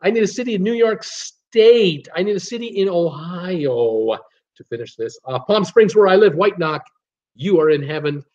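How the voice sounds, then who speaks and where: Guy hosting a live trivia stream, upbeat, reads out viewer guesses, kinda higher voice, muffled lo-fi sound. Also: expressive, moderate pace, darkish tone. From United States. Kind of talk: live trivia chat reading viewer comments. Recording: dull lo-fi stream audio.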